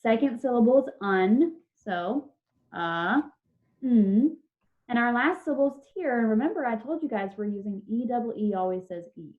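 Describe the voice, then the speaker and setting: A woman's voice: a little high, lively intonation. Patient woman teacher on a lo-fi call. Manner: slow, drawn-out dictation of words; patient, encouraging. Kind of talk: online spelling lesson. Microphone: video call. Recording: dull lo-fi video call audio.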